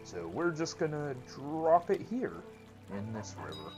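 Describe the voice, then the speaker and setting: A man's voice: on the high side, very animated, measured pace. A man hosting a let's-play, giving casual, chatty game commentary with joking asides. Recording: lo-fi with game music behind.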